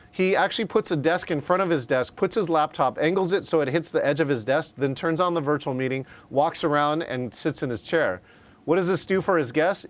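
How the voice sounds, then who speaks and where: A man teaching a live online class on virtual meetings, talking conversationally and often checking in with "right?". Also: medium pitch. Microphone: video call.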